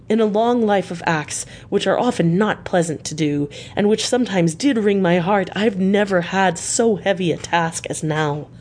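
A solemn elderly male professor, voiced by a woman reader in an audiobook. He speaks in a low, formal, measured way, stern yet full of pity. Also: a little mellow, a little hiss or hum, lightly acted. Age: older. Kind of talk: audiobook character reading.

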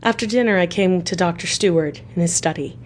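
A woman narrates a classic novel for a radio reading service. Her voice sits a little low and stays clear, even and unhurried. A faint background hiss sits behind her. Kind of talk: audiobook narration.

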